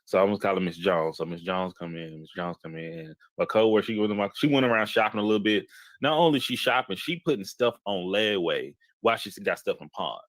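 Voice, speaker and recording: A man, telling a personal story in casual talk, animated and repeating himself as he goes. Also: lowish voice, fairly quick, no echo. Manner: animated, repeats himself, jumps into quoted voices. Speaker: podcast host telling a story.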